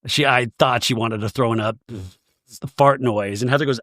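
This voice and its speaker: A man's voice: medium pitch, normal speed, fairly bright tone, dry recording, studio quality. A man hosting a comedic recap podcast, sarcastic and mimicking quotes in exaggerated voices. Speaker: podcast host recapping a reality show.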